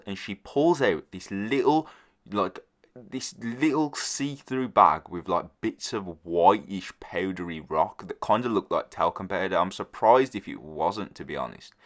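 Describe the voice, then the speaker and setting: A young-sounding man narrates a storytime video to his viewers in a relaxed, offhand way. His voice sits low, and he wanders through the tale with plenty of fillers and restarts. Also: unhurried. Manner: rambling, loose storytelling full of "like" fillers. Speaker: storyteller vlogger.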